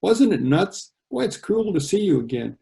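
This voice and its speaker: A man's voice: sits high, very animated, normal speed, gravelly, mellow, pitched above the performer's own voice, full character voice. A man reading aloud and voicing an eager nineteen-year-old daughter in a storybook reading over a video call. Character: young adult woman, nineteen, eager daughter.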